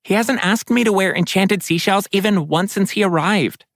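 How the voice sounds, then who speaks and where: High chatty water spirit girl, a guy doing the voice, gushy and gossipy, dry close audiobook sound. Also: moderate pace, a bit bright, no room sound. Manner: chatty, gushing. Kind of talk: audiobook character voice.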